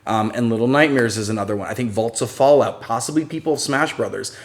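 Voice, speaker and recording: A man co-hosting a casual live stream, rambling and relaxed with many fillers. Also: mid-range voice, fast talker, a little hiss or hum. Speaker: channel co-host.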